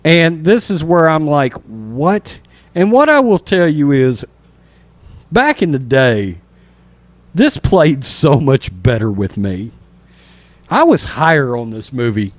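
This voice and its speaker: A man hosting a casual horror movie review podcast, retelling scenes with animated energy and acting out sound effects and reactions. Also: on the high side, takes it slowly, no room sound. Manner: animated storyteller, imitates sounds and acts out reactions. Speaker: podcast host.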